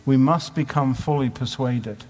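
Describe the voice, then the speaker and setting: A conference speaker gives a sermon with a medium-pitched, somewhat dark voice, taking his time and talking conversationally. He asks plenty of rhetorical questions, and the live hall recording carries long reverb.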